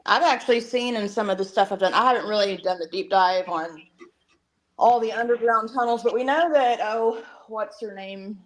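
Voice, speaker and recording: A woman's voice: mid-range voice, rough recording. Middle-aged woman chatting as a panel guest. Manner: talkative, quick asides and laughs. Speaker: citizen journalist guest. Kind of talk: casual panel chat.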